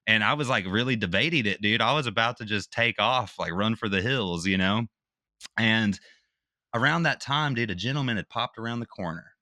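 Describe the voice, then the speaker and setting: Speaking at a normal pace in a fairly low voice, this veteran of the military retells a personal story casually, performing the others' quotes with animation and slangy "dude" and "bro." The recording is studio quality, without room sound.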